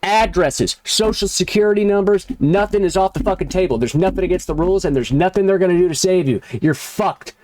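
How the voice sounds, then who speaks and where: A man with a notably high voice tears into someone in a heated commentary rant. He curses constantly and mixes furious outbursts with sarcastic mockery. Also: fairly quick, few pauses, a little mellow. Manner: heated, cursing, sarcastic mocking. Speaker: commentary channel host. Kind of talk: angry profane rant.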